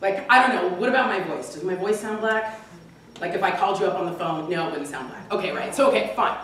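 A woman performing animated stand-up comedy and laughing often, recorded live from a distance in an echoey club. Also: mid-range voice, fast talker, slight background noise. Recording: live comedy club, far from mic, echoey, audience heard. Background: audience laughing.

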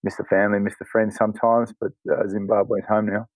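Laid-back Australian man, deep voice. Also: fairly quick, no echo, rough recording. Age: 40s. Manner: easygoing, laughs often, relaxed storyteller. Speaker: podcast guest. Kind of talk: casual conversation.

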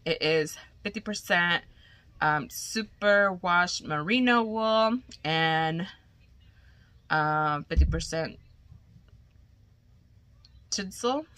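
A woman chatting casually to viewers, gushing and excited, often dropping to a whisper, a little congested from a cold. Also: fairly low pitch, very slow, long pauses, smooth, no echo. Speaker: crochet vlogger. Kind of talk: casual unboxing chat to viewers.

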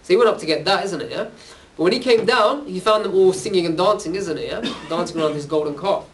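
A man's voice: sits high, fast talker, slight background noise. A man giving an informal religious talk to young people, telling stories casually and checking in with a questioning "yeah?" after nearly every phrase. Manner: casual, conversational storytelling. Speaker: religious speaker. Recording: distant from the mic.

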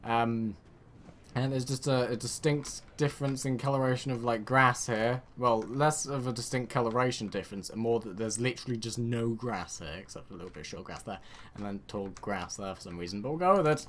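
A British man from the United Kingdom giving rambling, excitable game commentary with sarcastic asides. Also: mid-range voice, fairly quick, slight background noise. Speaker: let's play gamer.

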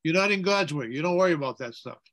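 A priest talks fast as he runs a casual Bible study, his voice bright and high. With lots of energy he slips into liturgical chant and poses questions to those gathered.

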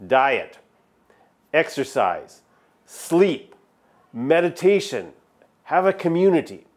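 A male pastor preaching a sermon, his voice sitting a little high for a man and swinging widely in pitch. He talks in a conversational way and drives his points home by repeating words with emphasis. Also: big pitch swings, slow pace. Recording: filmed sermon video.

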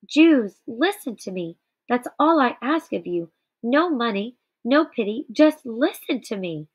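A woman's voice: medium pitch, lively intonation, a little slow, slightly rough. A woman reading aloud the lines of a desperate, grieving man who pleads to be believed. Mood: pleading. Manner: pleading, despairing. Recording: slightly dull lo-fi recording.

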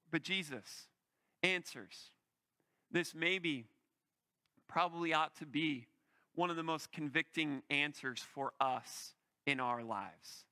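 Male pastor with a high, bright voice. He tells the story in a vivid and animated way. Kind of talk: sermon.

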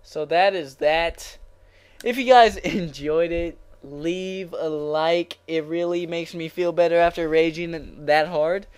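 A young man giving live commentary over his own video game match, swearing constantly, yelling in frustration, then muttering to himself. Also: on the high side, a little slow, clean tone. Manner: swearing, swinging between raging shouts and muttering. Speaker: gaming channel host.

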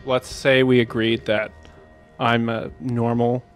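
A man with a mid-range voice plays a tabletop game, laying out his plan in halting bursts and restarts. Light music sits faintly behind. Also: medium pitch, little pitch movement. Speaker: player. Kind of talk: casual tabletop play.

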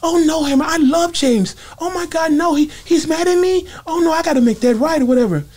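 A man putting on the voice of a soft-spoken male superstar who pleads anxiously to make amends. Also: very high-pitched, fairly quick, pitched above the performer's own voice. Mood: pleading.

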